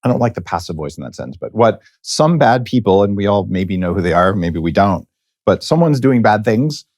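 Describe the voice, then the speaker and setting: A middle-aged man hosting a podcast interview, talking in a rambling, enthusiastic, animated way. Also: on the low side, a little fast, dry recording, studio quality. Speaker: podcast host. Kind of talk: casual interview chat.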